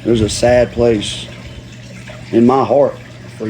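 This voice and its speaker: A livestream host in full rant mode, cursing freely and hammering the same phrases again and again. His voice sits at an ordinary middle pitch for a man, and a faint hiss of noise runs under it. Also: fairly even intonation, takes it slowly, pauses often, darkish tone. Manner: profane, slangy, repeats himself for emphasis.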